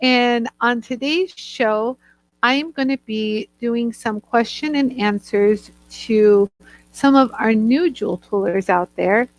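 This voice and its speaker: A woman's voice: on the high side, takes it slowly, no room sound. A woman hosting a live-stream Q&A, bubbly and gushing, greeting viewers by name. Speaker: host and product inventor.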